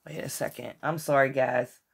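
A woman giving a casual tarot reading to her viewers, excitable and swearing often as she talks to them directly. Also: extremely low pitch, moderate pace, vocal fry, breathy edge. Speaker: tarot reader.

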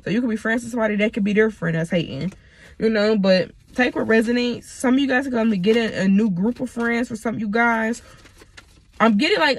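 Blunt, chatty young woman reading tarot. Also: on the high side. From Michigan. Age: 20s. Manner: blunt, profane and chatty, addressing viewers as y'all. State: sick. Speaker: tarot reader. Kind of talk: casual tarot reading to camera.

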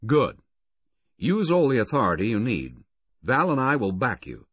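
A man reading the part of a middle-aged racing official in an audiobook, earnest and steady. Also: mid-range voice, breathy edge, no room sound, dull audio, pitched above the performer's own voice. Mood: brisk. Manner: earnest, halting when grieving.

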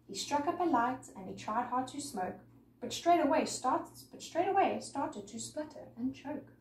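Lady reading a rhyming kids book, bouncy sing-song voice, highish, echoey room. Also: normal speed. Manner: lively, sing-song rhythm. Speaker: storyteller. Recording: echoey room, mic far off, faint noise.

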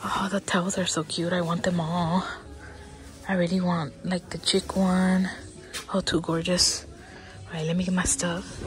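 A woman vlogging while she shops, slow and excitable, often dropping to a whisper, with faint store music behind her. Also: on the low side. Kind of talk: casual shopping vlog. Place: inside a large store.

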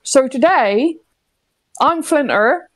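A woman's voice: sits high, animated, takes it slowly. A woman doing a Somerset-accented hunting host. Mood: joking. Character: folksy rural hunting-show host, man.

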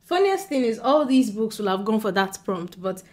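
A young woman from Nigeria chatting excitedly and giggling as she talks straight to her viewers. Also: medium pitch, moderate pace. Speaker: book vlogger. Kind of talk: casual chat to camera.

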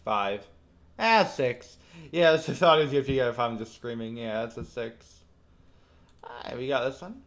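Bright, excitable male game streamer. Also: mid-range voice, moderate pace. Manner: excitable, scores each landing aloud. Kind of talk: live reaction commentary.

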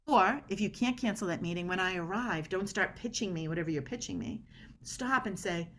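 A woman guest on a podcast explaining body language in an energetic, emphatic way. She often acts out little quoted dialogues as she makes her points. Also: lowish voice, a little fast, a little hiss or hum. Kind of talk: animated podcast conversation.

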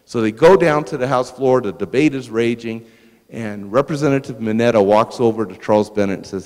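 A man giving a public lecture at a museum, telling a story in a lively anecdotal way and turning to the audience with asides. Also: medium pitch, fairly quick. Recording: long reverb in a large hall.

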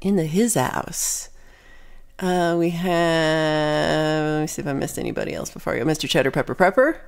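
A woman's voice: low-pitched, vocal fry, clear, resonant tone. Bubbly, chatty woman greeting her stream. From Texas. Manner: bubbly and chatty, quick asides, frequent laughs. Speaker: livestream musician hosting a weekly song show. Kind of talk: casual chat greeting livestream viewers.

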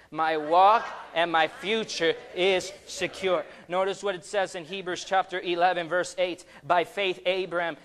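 A high-voiced young man delivers a fervent sermon. He swings between loud, ringing calls and quiet, low asides. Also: clean tone. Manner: fervent preaching, rises loud on calls and drops soft. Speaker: preacher.

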